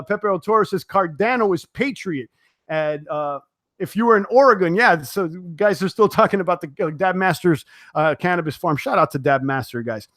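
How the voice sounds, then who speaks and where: A man's voice: sits high, fairly bright tone, no room sound, clean studio sound. A young man hosting a live stream, chatting casually and reading out viewer comments, with many fillers and restarts as he tires. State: sweating, tiring. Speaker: crypto live-stream host.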